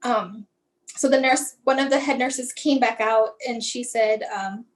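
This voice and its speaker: A woman's voice: on the high side, steady tone, unhurried, poor audio. A woman guest recounting a personal family story in a conversational, emotional way, acting out what others said and often restarting her sentences. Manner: conversational, acts out what others said, many fillers like "like"; fragmented, restarting phrasing under emotion. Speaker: guest, mother sharing her son's story.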